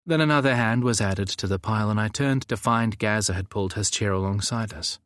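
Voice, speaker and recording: A man narrating a novel in the first person, with an expressive, wry delivery. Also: fairly low pitch, fairly quick, no room sound, clean studio sound. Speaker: audiobook narrator.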